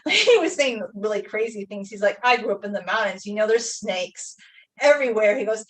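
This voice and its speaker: A woman's voice: on the high side, a little fast. A young woman chatting casually while painting on a live stream, rambling through a story with lots of fillers like "like". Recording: voice a bit far from the mic.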